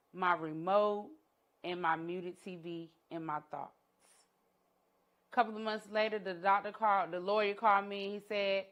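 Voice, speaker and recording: Middle-aged woman telling a dramatic story. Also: mid-range voice. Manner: dramatic storytelling with soft, hushed moments. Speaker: entrepreneur and educator giving a talk. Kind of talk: personal story talk. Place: conference room.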